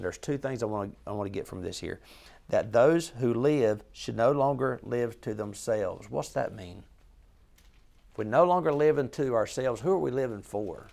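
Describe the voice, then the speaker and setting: Male Bible study leader, mid-pitched with a gravelly edge, informal, earnest and emphatic, often questions the group. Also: lively intonation, normal speed, darkish tone. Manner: conversational, asks the group questions, frequent restarts.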